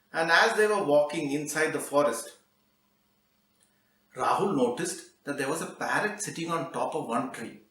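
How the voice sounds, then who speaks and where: A man's voice: fairly high pitch, distant mic. Male children's storyteller, easygoing and chatty; echoey room, sits back from the mic. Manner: relaxed, conversational telling with fillers.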